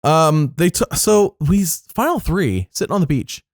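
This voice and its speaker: A young adult man co-hosting a podcast, talking through an episode in a chatty, rambling way and jumping up in pitch for emphasis. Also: animated, moderate pace, no room sound, studio quality. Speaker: podcast co-host. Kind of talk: casual recap chat.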